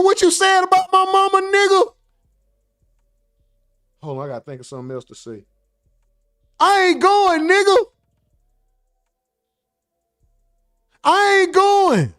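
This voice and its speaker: A man's voice: no room sound, clean studio sound, natural voice. A man mocking a furious phone-live ranter. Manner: shouting, high-pitched mocking rant.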